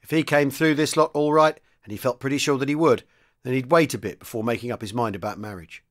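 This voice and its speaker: A man's voice: medium pitch, steady tone, quick pace. A man, a podcast host, reading a chapter of a wartime novel aloud, with light voices for the characters. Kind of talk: audiobook-style reading.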